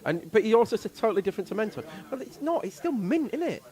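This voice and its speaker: Brief: English man, motorsport stream co-commentator, high-ish and very lively delivery, ranting banter. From England. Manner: animated ranting, rapid asides, frequent laughter. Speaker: race commentator. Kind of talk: casual chat on a live race stream.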